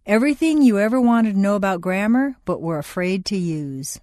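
A woman's voice: medium pitch, lively intonation, fairly quick, mellow, dry recording. Woman announcing lesson headings, dry sound. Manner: plain, announcing tone for headings and instructions. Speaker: narrator. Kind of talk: scripted audio lesson.

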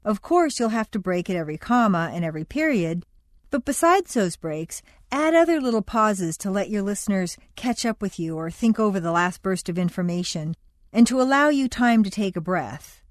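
A woman narrating a scripted audio lesson on speech, as the instructor, with clear and measured delivery. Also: medium pitch, sing-song, no room sound. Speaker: accent training instructor.

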